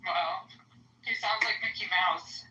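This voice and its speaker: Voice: medium pitch, steady tone, a little slow, bright, forceful tone, roomy sound, poor audio. A speaker trading short dry quips in a casual chat.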